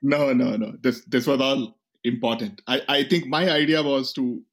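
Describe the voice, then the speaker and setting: A man hosting a podcast, speaking haltingly and often repeating words as he wraps up. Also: medium pitch, steady tone. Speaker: podcast host. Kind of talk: casual interview.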